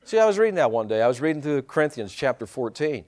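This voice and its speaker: A male pastor preaching a sermon in an animated way, full of rhetorical questions and chuckling asides. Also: mid-range voice, quick pace.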